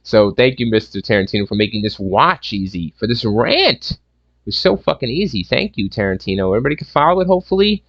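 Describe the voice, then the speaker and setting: A man's voice: mid-range voice, lively intonation, brisk, fairly bright tone, no room sound, highs cut off. A man giving a casual, profane and rambling movie review rant, sarcastic and full of restarts.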